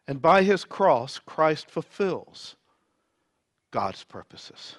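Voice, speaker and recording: A male preacher reads scripture in a slow, deliberate sermon. His voice is lively and full of movement, rising to loud emphasis and sinking to near whispers. The sound is dry and close. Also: a little high, no echo. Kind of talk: sermon with dramatic scripture reading.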